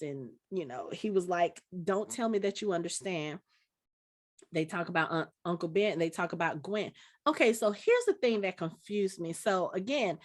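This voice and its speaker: A woman in her forties, a podcast co-host, chatting casually and acting out movie scenes as she retells them. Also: fairly low pitch. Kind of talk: casual chat.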